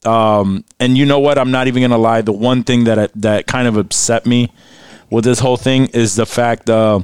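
A man's voice: mid-range voice, steady tone, moderate pace, a little mellow, clear, resonant tone, dry recording. A man hosting a podcast in a casual, laid-back way, often laughing and restarting his sentences. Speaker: podcast host. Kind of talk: casual chat.

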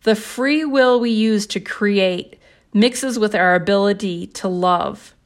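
A woman talks at an unhurried, deliberate pace on her spiritual podcast. Her voice sits at an ordinary middle pitch. She sounds calm and gentle, and she reads out passages from her own book in a measured way. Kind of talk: slow reflective spiritual talk.

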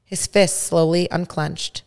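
Low, gravelly woman reading a story. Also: steady tone, a little mellow. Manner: measured, first-person storytelling. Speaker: podcast host.

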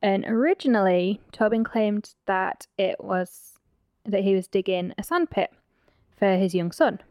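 A woman's voice: mid-range voice, a little slow, a little mellow, no echo. Blunt, teasing woman podcaster. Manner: teasing and blunt, narrating a case with asides. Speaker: podcast host. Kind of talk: casual true-crime podcast narration.

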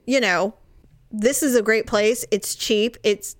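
A middle-aged woman co-hosting a casual chat, talking in an animated way and swearing freely. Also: slow pace, no echo. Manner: animated, swears freely, swings up high when riled. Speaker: podcast co-host.

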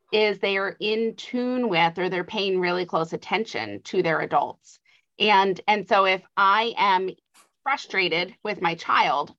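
A woman's voice: mid-range voice, a bit bright. A middle-aged woman giving parenting advice in an interview, earnest and explanatory, with light laughs. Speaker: author and adoption guest. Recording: slightly dull lo-fi audio.

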